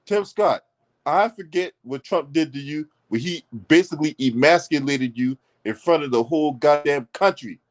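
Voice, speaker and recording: Guy w/ a higher voice going off on a profane political rant, blunt and mocking. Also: moderate pace. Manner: blunt, mocking, swears constantly. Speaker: political commentary host. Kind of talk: profane heated commentary rant.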